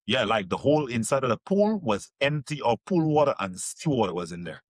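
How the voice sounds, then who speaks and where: A man's voice: mid-range voice, sing-song, a little fast, no room sound. A man hosting a travel podcast, reacting with short affirmations and sharing his own stories. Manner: enthusiastic, lots of short affirmations. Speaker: podcast host. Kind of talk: casual interview chat.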